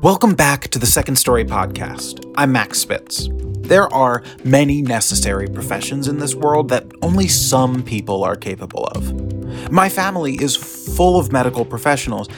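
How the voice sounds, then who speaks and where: A man hosting a podcast, reading a scripted introduction in a measured way. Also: medium pitch, animated. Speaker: podcast host. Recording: clear guitar music underneath. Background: guitar music.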